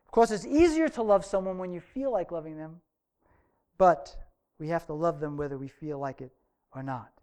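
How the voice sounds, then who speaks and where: A man's voice: on the high side, normal speed, warm tone, clear, resonant tone. A man preaching a sermon to his church, earnest, stretching out key phrases for emphasis. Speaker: pastor.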